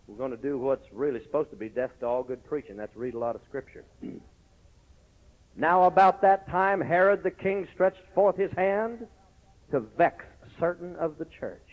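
Animated shouting preacher man, lo-fi. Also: on the high side, a little slow, pauses often. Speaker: pastor. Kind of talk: Pentecostal-style sermon. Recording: lo-fi recording.

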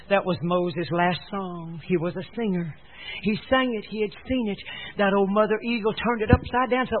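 A man preaching a sermon with fervor, leading the congregation in call-and-response and swinging from hushed passages to shouts. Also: high-pitched, fairly even intonation, normal speed. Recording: tinny phone-like old recording with faint hiss.

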